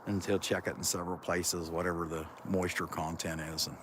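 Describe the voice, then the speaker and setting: A man with a lazy Kentucky drawl rambles through a casual live chat, his voice sitting a bit low. He is out in open farm fields, with faint outdoor noise behind him. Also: little pitch movement, brisk. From Central Ohio. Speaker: livestream host.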